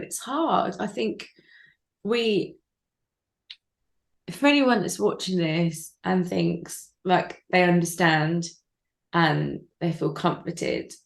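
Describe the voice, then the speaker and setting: A woman's voice: fairly low pitch, gravelly, echoey room. A woman, an interview guest, speaking openly and emotionally about personal loss over a video call. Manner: open, emotional, candid storytelling.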